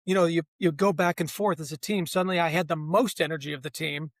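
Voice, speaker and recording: A man's voice: a little high, steady tone, fast, no echo. A man, a guest on a podcast, telling his race story in a reflective, casual way.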